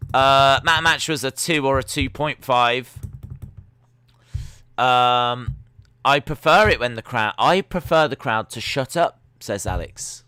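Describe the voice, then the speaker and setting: A man's voice: medium pitch, pushed and bright, smooth, no echo. A young man hosting a live stream watch-along, giving chatty, sarcastic, opinionated commentary.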